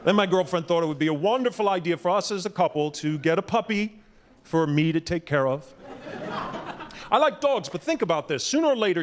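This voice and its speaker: A middle-aged man doing stand-up comedy on a club stage, wry and punchy, breaking into shouted impressions. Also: a little high.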